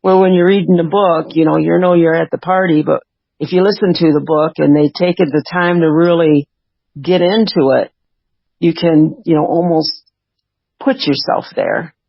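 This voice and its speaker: A woman's voice: lowish voice, steady tone, moderate pace, creaky, no echo. A woman co-host chatting casually in a conversational, thoughtful way. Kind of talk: casual chat. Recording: dull lo-fi dry recording.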